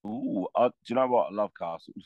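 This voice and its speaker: A man's voice: on the low side, a little fast, no room sound, phone-quality sound. A man, co-hosting a podcast over a video call in casual chat with friends, often laughing and tripping over his words. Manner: chatty, laughs often, stumbles and repeats words. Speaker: podcast co-host.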